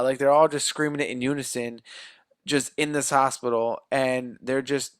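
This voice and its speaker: A man's voice: mid-range voice, flat delivery, moderate pace, clear, resonant tone, no room sound, studio quality. A man co-hosting a podcast, casually recapping a horror movie's plot in a rambling, joking way. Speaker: podcast co-host. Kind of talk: casual movie review chat.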